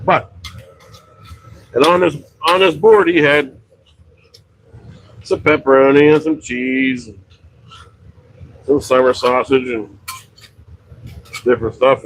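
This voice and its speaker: A man's voice: medium pitch, a little slow, pauses often, a little hiss or hum, rough recording. A middle-aged man from western Pennsylvania telling a long, rambling story about his pizza shop, with many fillers and self-corrections. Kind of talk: casual storytelling on a livestream.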